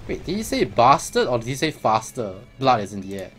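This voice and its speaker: A man's voice: medium pitch, sing-song, fairly quick, over music. A man giving casual, chatty commentary as a gaming vlogger, laughing often.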